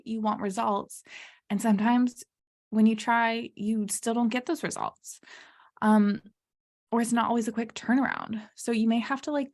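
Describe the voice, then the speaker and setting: A young adult woman hosting her podcast alone, talking casually and candidly, with lots of fillers, and laughing her way through hard topics. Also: mid-range voice. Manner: chatty, many fillers like "you know" and "um". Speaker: podcast host. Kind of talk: solo podcast monologue.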